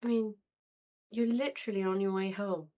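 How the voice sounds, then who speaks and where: A woman hosting a reaction video, commenting on clips in an unhurried, dry way and thinking aloud. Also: medium pitch, steady tone, heavy background noise. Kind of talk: casual commentary over clips.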